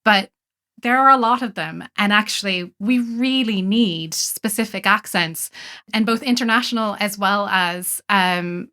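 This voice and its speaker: Bright-voiced earnest woman interviewer. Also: mid-range voice, measured pace. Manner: earnest, persuasive, with filler words. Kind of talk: casual interview conversation.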